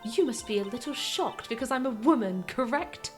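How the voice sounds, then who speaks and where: A woman's voice: on the high side, expressive, normal speed, faint music behind, lightly acted. A woman voicing an arrogant young female prosecutor in a posh put-on voice, speaking in a cold, haughty, clipped way.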